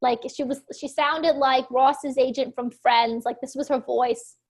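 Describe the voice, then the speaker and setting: A high-pitched woman from Philadelphia talks as a guest in a casual interview. She rambles quickly and animatedly, sprinkling "like" everywhere and laughing often. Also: fairly even intonation. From Philadelphia, USA. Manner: chatty, fast, many "like" fillers, laughs often. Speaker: actor and producer guest.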